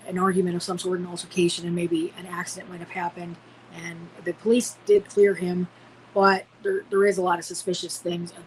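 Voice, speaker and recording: A woman in her forties from Illinois, a podcast guest telling a personal story with many ums and restarts, her voice jumping up when she acts out the shouts in it. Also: on the low side, slight background noise, rough recording. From Illinois, USA. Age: 40s.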